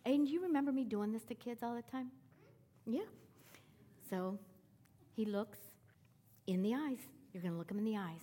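Woman preaching, fairly high voice, breathy tone, swings between emphatic calls and soft near-whispers, sermon storytelling. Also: moderate pace, pauses often, long reverb tail.

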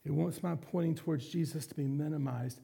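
A man's voice: on the high side, fairly quick, creaky, warm tone, husky. A man preaching a sermon as a pastor, candid and confessional with self-deprecating humor.

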